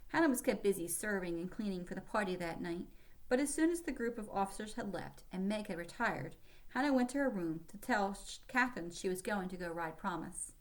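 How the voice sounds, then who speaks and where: A woman reading a children's historical novel aloud in steady storytelling narration. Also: mid-range voice, a little fast. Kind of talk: audiobook narration.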